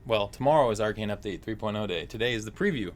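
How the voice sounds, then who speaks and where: A man's voice: lowish voice, fast. A man hosting a casual game livestream, chatty and upbeat, with frequent fillers. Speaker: stream host.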